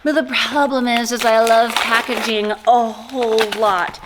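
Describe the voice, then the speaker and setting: A woman's voice: on the high side, steady tone, a little slow, background noise. A woman chatting casually in a vlog while unboxing gifts, gushing and exclaiming with delight, recorded on a camera-mounted mic. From USA. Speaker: small business owner unboxing gifts. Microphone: microphone mounted on the camera.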